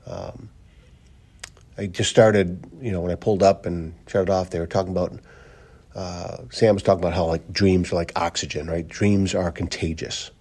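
Man, motivational podcast host, husky voice, earnest and rambling, casual monologue. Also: low-pitched, fairly even intonation, moderate pace, darkish tone. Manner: earnest, rambling with many fillers, repeated phrases. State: briefly choked up. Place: driving to work, in a car.

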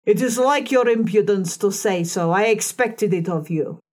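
A woman's voice: medium pitch, darkish tone, natural voice. A woman playing a harsh old fortune-telling crone. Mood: probing. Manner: decided, deliberate, mocking.

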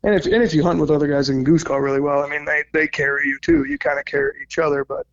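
A man's voice: on the high side, lively intonation, quick pace, vocal fry. A man from Minnesota, a podcast guest, talking casually and rambling a bit, with some swearing. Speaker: podcast guest, goose-calling competitor. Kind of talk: casual chat. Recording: dull lo-fi sound.

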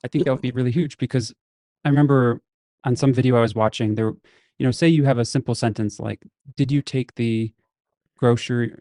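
A man's voice: mid-range voice, steady tone, brisk, mellow, no room sound, studio quality. A man hosting an interview, asking thoughtful, probing questions. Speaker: interview host.

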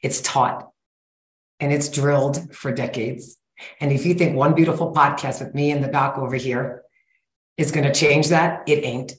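A woman in her forties, a guest coach speaking in a blunt, energetic, folksy way in a casual interview. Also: very deep voice, normal speed. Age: 40s. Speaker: guest, sugar-cravings coach. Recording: roomy echo.

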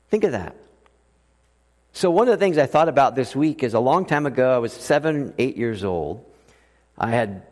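High-voiced preacher in a reverberant hall. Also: male voice. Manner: lively, humorous storytelling preacher. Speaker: pastor. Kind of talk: sermon.

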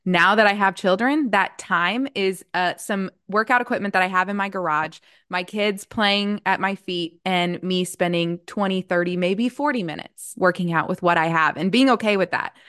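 A woman's voice: medium pitch, moderate pace, fairly bright tone, smooth, dry recording, clean studio sound. A woman in her thirties hosting a podcast, chatting earnestly and laughing often. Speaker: podcast host, coach. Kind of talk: casual conversational chat.

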